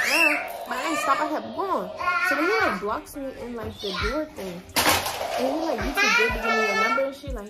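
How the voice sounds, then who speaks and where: A woman's voice: fairly high pitch, heavy background noise. Young woman telling a storytime, slangy. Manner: animated, slangy, acts out quoted dialogue. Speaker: vlogger. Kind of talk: casual storytime while doing her wig. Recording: music playing behind voice. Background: hip hop music.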